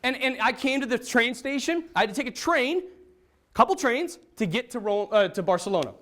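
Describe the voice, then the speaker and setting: A man from North Dakota with an unusually high voice tells his own story with lots of energy. His pitch jumps around as he acts out the dialogue and pokes fun at himself. He speaks as a Catholic priest giving a personal testimony. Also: brisk. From North Dakota, USA. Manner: animated storyteller acting out quoted dialogue; self-deprecating and humorous. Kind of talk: personal testimony told to an audience.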